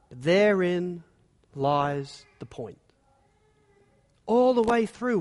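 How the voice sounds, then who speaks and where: A man preaching a sermon as pastor, emphatic and animated, telling the story with energy. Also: high voice. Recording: long reverb of a large hall.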